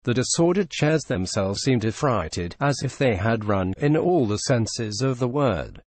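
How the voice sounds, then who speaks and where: Expressive male audiobook narrator. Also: medium pitch, unhurried, no echo. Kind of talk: scripted narration.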